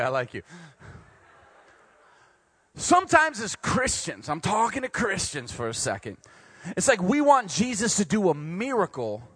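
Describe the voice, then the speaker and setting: A young man preaches with a fairly high, husky voice that leaps all over its range. He jokes and acts things out, then drops to quiet, earnest points. The sound is dry and close. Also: no room sound. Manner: animated and joking, swings between loud and quiet. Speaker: pastor speaking to university students. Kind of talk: sermon.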